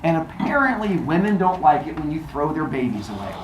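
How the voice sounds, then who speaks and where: A woman retelling a myth in a lively comic way, joking and quizzing her listeners. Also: low-pitched, fairly quick. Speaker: storyteller. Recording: echoey room, noisy.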